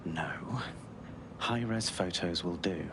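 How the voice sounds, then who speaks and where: Low-voiced male spy handler, measured and clipped, game audio with noise. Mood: grave. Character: calm male spy handler, grave and secretive. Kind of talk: video game voice acting.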